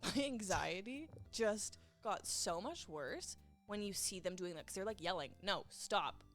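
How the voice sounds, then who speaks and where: A woman's voice: mid-range voice, a little slow, faint music behind. A young adult woman, a guest on a podcast, chatting casually and telling stories dramatically about films she has watched. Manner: expressive storyteller, dramatic. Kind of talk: casual chat.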